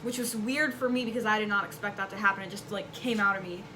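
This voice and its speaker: A woman's voice: mid-range voice, steady tone, quick pace. A woman chatting casually as the vlogger's daughter, peppering her speech with "like". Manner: chatty, many "like" fillers. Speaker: vlogger's daughter joining the talk. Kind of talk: casual conversation. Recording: clear background noise.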